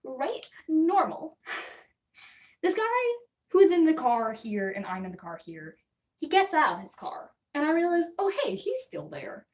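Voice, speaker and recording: A young adult woman livestreamer telling a story to her chat in a rambling, chatty way, full of quick asides. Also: high voice, very animated, a little mellow. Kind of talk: casual storytelling to live chat. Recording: voice a bit distant from the mic.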